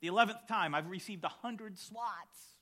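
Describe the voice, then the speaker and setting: A man preaching a sermon as a pastor, emphatic and building to shouts on key lines. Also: sits high, normal speed.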